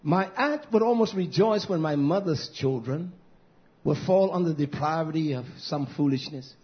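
Male preacher with a high voice, fiery and scolding, muffled lo-fi sound. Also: expressive, normal speed. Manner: fiery, scolding, swings between shouted and hushed lines. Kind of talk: fiery sermon. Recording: dull lo-fi recording.

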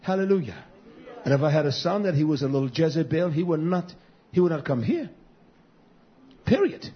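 A man preaching a sermon as pastor, impassioned and swinging between loud and hushed passages. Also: on the high side, fast, slightly rough. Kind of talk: sermon to a live stream. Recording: dull lo-fi recording.

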